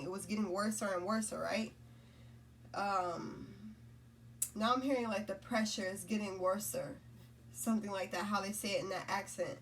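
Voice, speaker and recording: A woman with a medium-pitched voice, a spiritual content creator, gives a loose, rambling spiritual talk, repeating points and checking in with "right?" and "you know?". The mic is far away and there's slight background noise.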